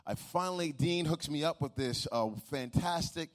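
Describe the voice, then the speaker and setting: A man's voice: fairly high pitch, moderate pace. Storytelling pastor man preaching. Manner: storytelling with humor and repeated restarts, rising to a preaching cadence. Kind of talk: sermon.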